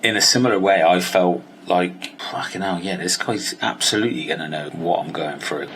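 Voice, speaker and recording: A man's voice: deep voice, moderate pace, a little hiss or hum. A man from Somerset, telling a personal story in a candid, sweary way and acting out both sides of conversations. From Somerset, England. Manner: candid, sweary, acts out dialogue with animated voices. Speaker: weight-loss coach.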